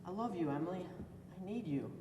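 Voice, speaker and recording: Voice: medium pitch, animated, a little fast, background noise, lightly acted. A student actor playing a nervous young groom, pleading and earnest, in a school stage play. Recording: echoey hall, far-off mic, music.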